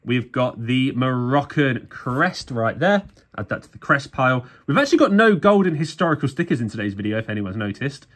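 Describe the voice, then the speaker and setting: A man's voice: medium pitch, animated, a little fast, a bit bright. A man from England chatting casually to viewers while opening sticker packs, tired and self-mocking. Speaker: sticker collecting YouTuber. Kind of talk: casual vlog commentary.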